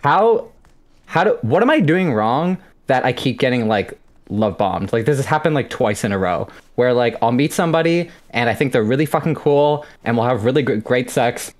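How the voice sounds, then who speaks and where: A man in his late twenties calls in to a stream for relationship advice, rambling, stammering and swearing a lot. His voice is mid-range with lively intonation, and he talks at a normal speed.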